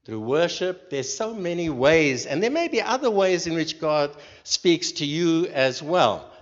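A man leading a church group, giving an informal sermon in a slow, earnest way and putting questions to the listeners. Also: a little high, animated. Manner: slow, earnest, pauses between phrases. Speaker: leader of a church group meeting. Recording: dull recording with long hall reverb.

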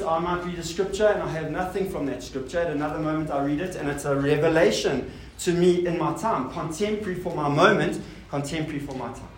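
A man preaching a sermon to a congregation. He asks rhetorical questions and makes casual asides to the listeners. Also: a little high. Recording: roomy hall sound with faint noise.

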